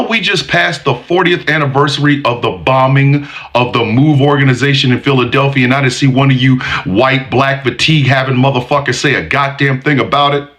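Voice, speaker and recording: A man's voice: medium pitch, a little fast, few pauses, fairly bright tone. A man in his forties giving heated, profane commentary with emphatic delivery. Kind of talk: ranting commentary.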